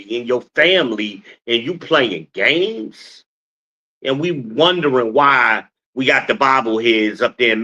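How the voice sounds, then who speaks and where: A middle-aged man lectures his listeners in a casual stream monologue. His voice has a middle pitch and rises into preacher-like scolding. The audio is a bit dull and lo-fi. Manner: animated, scolding, preacher-like cadence. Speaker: podcast host.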